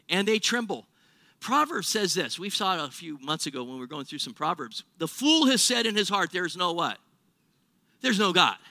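A man preaches to his congregation in an animated, chatty style, slipping into sarcastic acted-out quotes. His voice sits high and rings very bright. The sound is dry and close, with no room echo. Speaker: pastor. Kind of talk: sermon.

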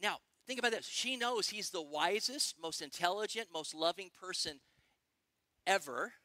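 A middle-aged male pastor preaching a sermon, excitable and animated, firing questions at the congregation. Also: sits high, no room sound. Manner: excitable, quick bursts, asks the congregation questions.

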